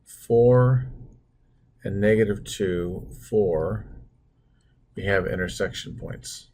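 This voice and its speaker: Slow, husky-voiced male math teacher. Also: fairly low pitch, darkish tone. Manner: talks through steps while drawing, self-deprecating asides. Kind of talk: screen-recorded math lesson.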